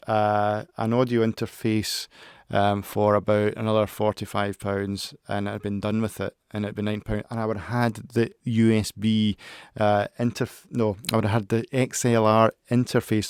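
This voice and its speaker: A man's voice: lowish voice, clean tone, no room sound. A man giving a casual tech review into a close studio mic at his desk, rambling and hesitant, with many restarts. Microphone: close-up studio microphone.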